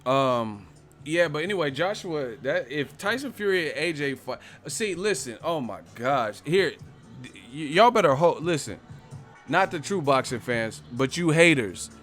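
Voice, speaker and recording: A man's voice: a little high, expressive, measured pace, a bit bright, faint music behind. Profane, joking man on a live stream. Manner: loose, profane, joking, talks straight to viewers. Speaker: boxing channel host. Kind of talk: casual live stream chat.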